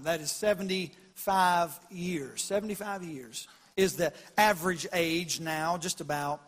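Male pastor with a high voice, delivering an animated sermon with a long hall reverb behind him. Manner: animated preaching, swells loud on quoted scripture.

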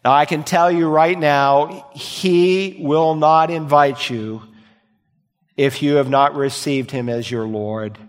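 A male pastor preaching a sermon, swinging from loud emphatic lines to quiet, low asides. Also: steady tone, takes it slowly, long reverb tail.

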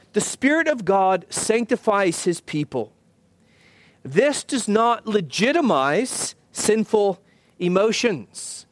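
A pastor preaching a sermon in an earnest, measured way, slowing down to stress key phrases. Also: male voice, high-pitched, no echo. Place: church.

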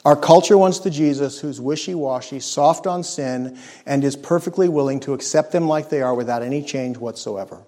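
A man preaching a sermon, earnest and emphatic, letting his voice sink low and soft on key words. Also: moderate pace. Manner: earnest, emphatic preaching with dramatic drops in volume; acts out scripture quotes in character voices.

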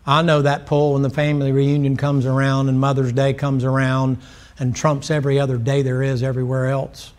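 A man's voice: medium pitch, flat delivery, normal speed. A man from the Southern United States with a Southern American accent, preaching a sermon in a blunt, folksy, fervent way and peppering it with rhetorical questions.

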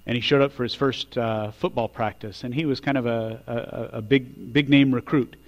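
Pastor guy preaching, gets loud and pushy then drops soft, mid voice, faint mains hum behind. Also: mid-range voice, steady tone, moderate pace, highs cut off. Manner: builds to loud emphatic peaks, drops quiet on endings. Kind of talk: sermon.

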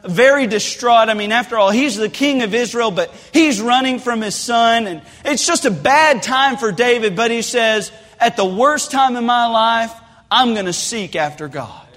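A man preaching a sermon in a church, telling folksy stories with lively asides. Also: very high-pitched, normal speed. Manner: animated storytelling with folksy asides. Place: church sanctuary. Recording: long hall reverb.

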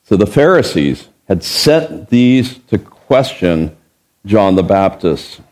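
A man's voice: lowish voice, big pitch swings, takes it slowly, darkish tone. Emphatic male preacher teaching scripture. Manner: emphatic, asks rhetorical questions, acts out the quotes he reads. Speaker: pastor. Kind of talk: expository Bible sermon.

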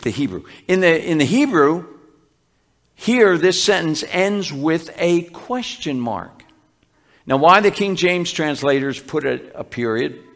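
A male pastor preaching a sermon, teaching patiently, with frequent restarts and slowed, emphatic scripture quotes. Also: on the high side.

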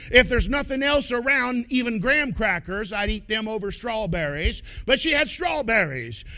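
A male pastor delivers his sermon as a folksy, animated story. His voice sits very high for a man, bright and sharp, and swings widely, with shouted bursts for emphasis.

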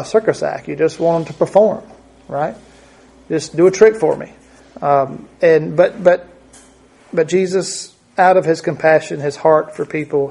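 A man's voice: a little high, creaky, mellow. A man preaching a conversational Bible teaching, thinking aloud and often repeating his words.

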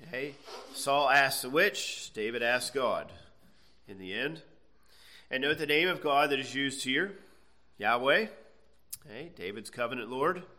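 Bible teacher, male, bright forceful tone, reads verses then unpacks them casually for the class. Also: mid-range voice, expressive, a little slow, pauses often. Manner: conversational, checks in with frequent "okay"; reads scripture aloud then explains.

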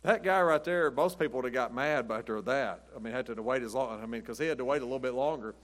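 This pastor, a middle-aged man, talks fast in a medium-pitched voice. His sermon is folksy and chatty, built on rambling stories, and he laughs at his own jokes.

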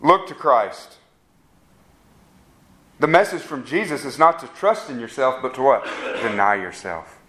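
A man's voice: medium pitch, expressive, unhurried, pauses often, a bit bright. A man preaching a sermon, making earnest, pleading appeals to his listeners.

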